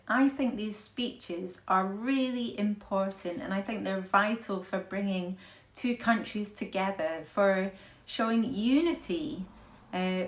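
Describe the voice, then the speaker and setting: Woman, reaction host, slow chatty delivery, gushing, echoey room. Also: mid-range voice. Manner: chatty, gushing, laughs often. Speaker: royal news reaction host. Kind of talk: casual reaction commentary.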